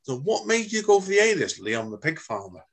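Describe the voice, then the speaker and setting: Fast-talking podcast host. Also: male voice, a little high, very animated. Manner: chatty, calls guest mate. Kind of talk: casual podcast interview.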